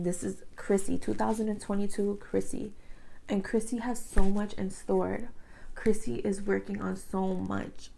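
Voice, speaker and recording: A woman's voice: medium pitch, vocal fry, mellow, poor audio. A woman of thirty talking earnestly to camera as a beauty vlogger, with lots of "like" and repeated phrases. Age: 30s. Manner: earnest, repetitive, fillers like "like". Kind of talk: emotional personal talk to camera. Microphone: camera mic, facing camera.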